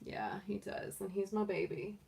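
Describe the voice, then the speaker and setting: A middle-aged tarot reader hosts a livestream from a room at home with the door closed, chatting in a doting way and laughing often. Her warm, mid-range voice is steady with some vocal fry at normal speed, and she sits a bit distant from the mic.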